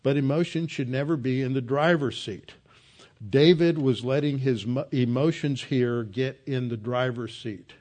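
A man teaching an expository Bible sermon in an emphatic, earnest manner, with an average pitch for a man. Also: moderate pace, a little mellow. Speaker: preacher.

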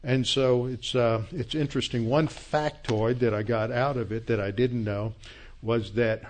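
Man, Bible class teacher, conversational lecture, reflective, mid-pitched voice. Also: fairly even intonation, measured pace. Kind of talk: lecture on Christian apologetics, closing in prayer.

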